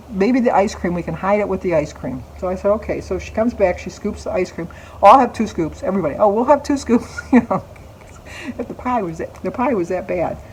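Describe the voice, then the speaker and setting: A woman's voice: medium pitch, slight background noise, rough recording. Chatty older woman telling a family story. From United States. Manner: chatty, laughs often, acts out family quotes. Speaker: vlogger. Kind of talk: casual storytelling vlog.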